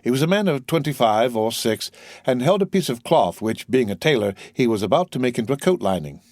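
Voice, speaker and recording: A male audiobook narrator with a mid-range voice that rises and falls with lively expression. The sound is dry and close, free of any room echo. He reads the classic prose in a steady, storytelling manner. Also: medium pitch, brisk. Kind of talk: scripted narration.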